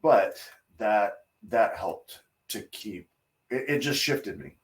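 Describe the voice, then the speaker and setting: A man tells a personal story on a casual podcast. He talks loosely and takes his time, with pauses and fillers along the way. He is a hairdresser chatting with a colleague. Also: lowish voice, lively intonation, far from the mic.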